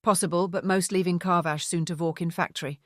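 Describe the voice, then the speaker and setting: A woman voicing a burly Romanian man, a gruff bodyguard and driver, with a strong Romanian accent and clipped, broken speech. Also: lowish voice, fairly even intonation, a little fast, a bit bright, no room sound, studio quality, natural voice.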